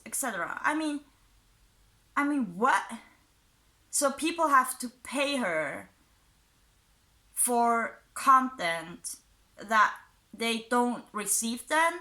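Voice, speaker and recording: Bright-voiced sarcastic woman commentator. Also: fairly high pitch. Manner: sarcastic, mocking, chuckles between points; self-described unusual accent. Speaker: commentary YouTuber. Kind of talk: casual commentary reading out posts.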